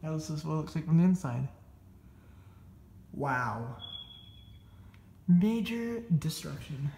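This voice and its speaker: This vlogger explores an abandoned house, filming on his phone and narrating casually while somewhat out of breath, wandering in his remarks and often fixing what he said. He speaks briskly in a fairly high, expressive voice that's gravelly and warm, with room echo and slight background noise.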